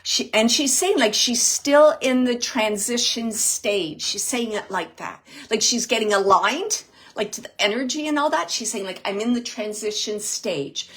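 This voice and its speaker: A woman working as a psychic medium, giving a live reading in a soft, hesitant way, with many pauses, and repeating words as she relays messages. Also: fairly high pitch, breathy edge. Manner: repeats words and phrases for emphasis. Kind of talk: live spirit reading for an audience member.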